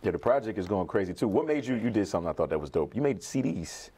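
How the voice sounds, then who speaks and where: A man's voice: lowish voice, very animated, fast talker, dark tone. A man co-hosting a show, joking in profane casual banter. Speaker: co-host. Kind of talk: casual chat.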